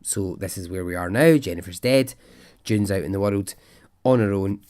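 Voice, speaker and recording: A man's voice: low voice, moderate pace, a little mellow. A man hosting a podcast, telling a story in a casual, rambling way and swearing freely. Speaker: podcast host.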